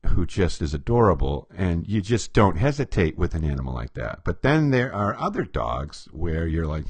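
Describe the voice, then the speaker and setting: A man with a fairly low voice swings widely in pitch as he walks through a story about behavior profiling. He acts out other people's lines and chuckles as he goes. The sound is dry and close, with no room echo. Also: moderate pace, hardly any pauses. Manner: animated, acts out quotes, chuckles often. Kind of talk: storytelling explanation to camera.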